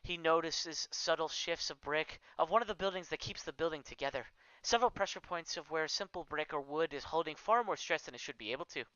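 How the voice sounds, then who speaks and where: A man's voice: a little high, a little fast, few pauses, pushed and bright, smooth, dry recording, dull audio. A man reading his story aloud on a live stream, with small slips and corrections.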